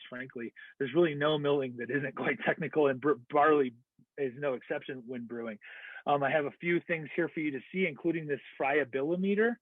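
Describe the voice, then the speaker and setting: An American man walks through a lesson in a measured, explanatory way, often pausing on fillers and correcting himself mid-sentence. His voice sits at an ordinary middle pitch. The audio is thin and phone-like, with a dry, close sound. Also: no room sound. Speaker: lecturer. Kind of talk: online lecture.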